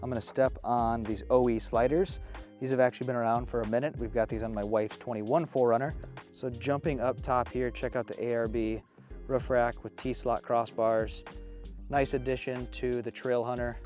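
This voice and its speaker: Slightly breathless and excitable, this off-road vehicle reviewer in his thirties walks around a new truck outside, reviewing it casually and enthusiastically. His voice is mid-range at a normal speed, with faint background music.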